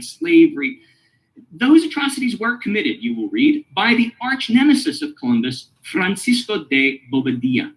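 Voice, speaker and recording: A man lecturing on a radio show, his voice sitting a little higher than most men's. He swings his pitch widely and jumps up on the phrases he stresses. He spells out details and repeats them slowly. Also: fairly bright tone, low-quality recording. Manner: emphatic, rises high on stressed phrases. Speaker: lecturer hosting a radio lesson series.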